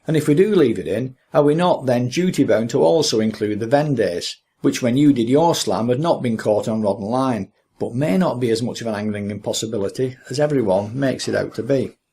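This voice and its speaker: A man interviewing a fellow angler, putting his questions in deliberate, composed phrases. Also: medium pitch, dark tone, breathy edge.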